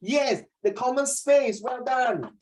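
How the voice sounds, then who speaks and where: A man's voice: very high-pitched, takes it slowly, darkish tone, rough recording. A Singaporean man teaching a class, chatty, slipping Chinese into his English and acting out little dialogues. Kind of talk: classroom lesson.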